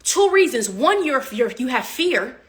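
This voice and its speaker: High-voiced woman preaching real estate motivation. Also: big pitch swings, measured pace, breathy edge, dry recording. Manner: preachy, emphatic, repetitive call-and-response. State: getting out of breath. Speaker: real estate coach and agency owner. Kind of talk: motivational livestream talk.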